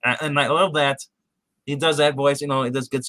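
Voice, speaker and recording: A man's voice: mid-range voice, steady tone, a little fast, sharp tone, no room sound. A man on a podcast casually recapping a TV episode, rambling with many restarts and acting out quotes. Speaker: podcast co-host.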